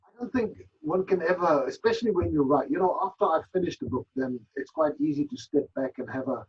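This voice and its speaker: Gravelly man, reflective. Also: high-pitched, big pitch swings, brisk. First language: Afrikaans. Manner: reflective, searching for words with many restarts. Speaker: author guest. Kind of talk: radio interview answers. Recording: dull lo-fi broadcast audio.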